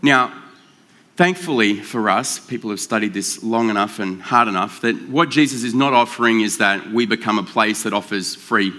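Bright-voiced casual man preaching. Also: fairly low pitch. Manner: conversational and joking, with drawn-out emphasis. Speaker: pastor. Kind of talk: casual sermon.

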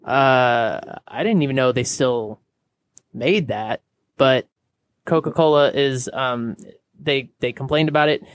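A man co-hosting a casual beer podcast, talking in a relaxed way with many fillers into a close microphone. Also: mid-range voice, takes it slowly, dry recording. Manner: laid-back, lots of filler words. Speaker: podcast co-host. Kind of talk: casual chat.

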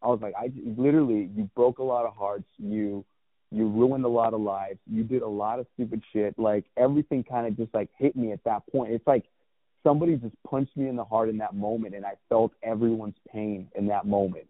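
A man's voice: fairly low pitch, fairly even intonation, fairly quick, no echo. A man in his thirties telling a personal story as a guest, candid and rambling, with lots of restarts and swearing. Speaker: guest, clothing brand founder. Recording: tinny phone-like dry sound.

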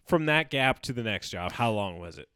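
A man's voice: fairly low pitch, animated, normal speed, pushed and bright, clear, resonant tone, dry recording. A man co-hosting a podcast in casual chat, teasing with dry quips. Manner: edits the show, adding bleeps. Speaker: podcast co-host.

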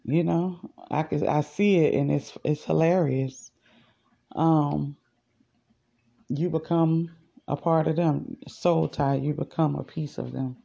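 A woman's voice: sits low, fairly even intonation, takes it slowly, gravelly, warm tone, breathy edge, muffled recording. A woman hosting a podcast, rambling in a chatty, casual way as she speaks straight to her listeners. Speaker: podcast host. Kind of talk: casual spiritual monologue.

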